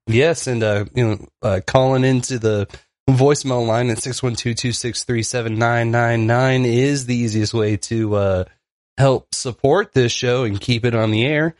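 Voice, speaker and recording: A man co-hosting a casual podcast, talking haltingly with lots of fillers while he sorts out the tech. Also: medium pitch, fairly even intonation, dry recording, clean studio sound. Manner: hesitant, many fillers while fiddling with tech. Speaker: podcast co-host.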